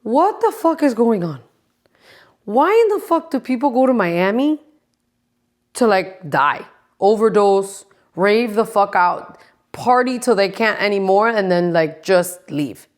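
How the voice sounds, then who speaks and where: A woman in her forties rants casually as a podcast host, swearing freely and sounding exasperated. Her pitch sits in a middle range for a woman. She talks straight to her listeners with sarcasm and sometimes drops into a stage whisper. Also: lively intonation, measured pace. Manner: sarcastic, addresses the audience directly. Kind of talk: casual ranting commentary.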